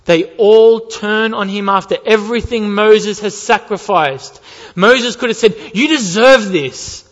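A man's voice: high-pitched, fairly even intonation, measured pace. A man preaching a sermon, emphatic, repeating key lines and asking rhetorical questions. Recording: dull lo-fi sound with long hall reverb.

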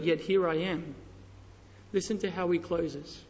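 A man preaching a sermon with passion, dropping to a hush and then rising to loud, urgent calls. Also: on the high side, fairly even intonation, a little slow, vocal fry. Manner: impassioned, swings from hushed to loud. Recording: dull sound with long hall reverb.

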